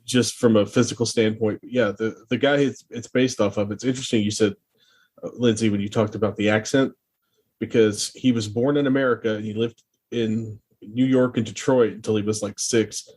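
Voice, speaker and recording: A man co-hosting a film podcast with a lowish, husky voice, casually passing on background trivia. He pauses now and then with small fillers as he explains. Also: fairly even intonation, a little mellow. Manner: informative, shares trivia with some hesitation. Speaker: podcast co-host.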